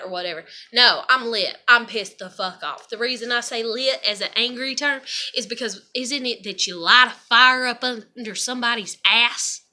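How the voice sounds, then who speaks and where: A woman vents in a personal vlog, her voice high and very bright. She swears freely and fires off one angry rhetorical question after another. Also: moderate pace. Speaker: vlogger.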